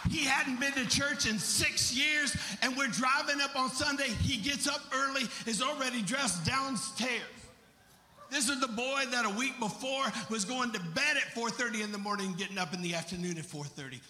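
A male preacher with a high, very bright voice delivers an impassioned sermon. His emphatic preaching carries a long reverb from a large hall. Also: moderate pace, slight background noise. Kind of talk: sermon storytelling.

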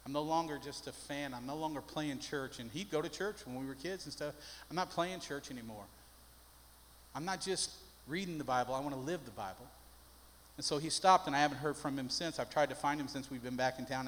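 Older male pastor, high-pitched, folksy and emphatic, recorded in a reverberant sanctuary. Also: a little hiss or hum. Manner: folksy storytelling, rising to emphatic preaching. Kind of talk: sermon. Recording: long hall reverb.

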